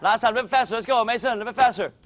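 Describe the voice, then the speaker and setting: High-pitched guy running a kids martial arts class, upbeat, keeps yelling encouragement. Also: racing. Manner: energetic, coaching and cheering children on. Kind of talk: instructional demo with kids.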